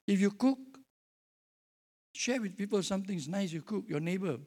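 A man's voice: high voice, normal speed, darkish tone. A man preaching a sermon as pastor, jovial and telling stories with acted-out dialogue.

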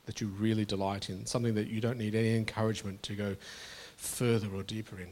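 A man's voice: fairly low pitch, little pitch movement, quick pace, darkish tone. A middle-aged man preaching a sermon to his congregation in an earnest, conversational way, often restarting his phrases. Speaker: pastor.

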